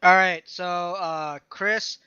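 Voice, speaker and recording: Guy running a tabletop game, bright crisp voice, kinda dull dry mic, lots of uhs. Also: high-pitched, fairly even intonation, no room sound. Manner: casual, halting, many fillers and restarts. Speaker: game master.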